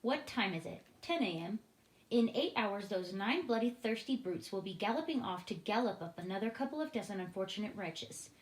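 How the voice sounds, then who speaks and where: A woman's voice: medium pitch, expressive, normal speed, close to an everyday voice. A woman reading as a firm tactful queen. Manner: commanding, crisp orders. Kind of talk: read-aloud storybook. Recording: roomy echoing room.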